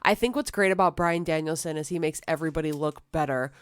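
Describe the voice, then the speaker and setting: A woman co-hosting a casual podcast chat, agreeable and quick to laugh, with lots of yeahs and mm-hmms. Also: deep voice, clear, resonant tone, no echo. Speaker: podcast co-host.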